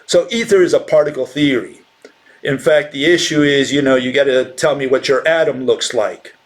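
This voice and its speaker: A slightly high-pitched man explains science in a loose, lecturing way. He is blunt and scornful of other theories, firing rhetorical questions. His talk halts often, with fillers and restarts. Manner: halting, many fillers and restarts.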